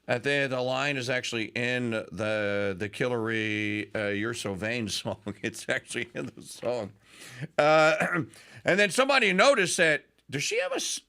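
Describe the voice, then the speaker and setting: A man's voice: medium pitch, expressive, a little slow, bright, forceful tone, clean tone. A man hosting a political talk radio show, delivering a sarcastic, mocking monologue and sometimes mimicking politicians.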